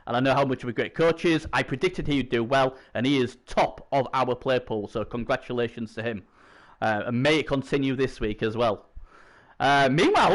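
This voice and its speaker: A man doing chatty live video game commentary, swinging from low muttering to excited shouts. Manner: chatty, opinionated, talks to himself.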